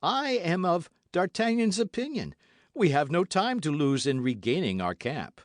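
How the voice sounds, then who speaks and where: A man's voice: on the high side, big pitch swings, normal speed, no echo, clean studio sound, pitched above the performer's own voice. A man voicing a composed, scholarly musketeer with a precise, courteous manner, in an audiobook. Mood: urgent.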